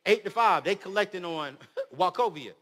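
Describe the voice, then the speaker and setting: A man in his thirties preaching to a crowd in a lively, joking way, his voice rising loud and dropping soft. His voice is high and bright. It rings with long reverb from a big hall. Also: normal speed. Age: 30s. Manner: animated storytelling, swings between loud and soft; humorous, slangy. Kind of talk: motivational speech.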